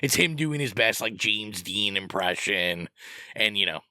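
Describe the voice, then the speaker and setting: A man with a bright, forceful voice rambles through opinionated film picks in casual podcast chat. The sound is close and dry, with no room around it. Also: fairly low pitch, lively intonation, a little slow, no echo. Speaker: podcast co-host.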